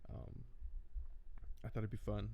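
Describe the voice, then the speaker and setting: A man's voice: a little slow, mellow, slight background noise. A man hosting a casual livestream chat, laid-back and rambling, with lots of fillers and restarts, talking into a desk microphone. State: tired, yawning. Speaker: livestream host.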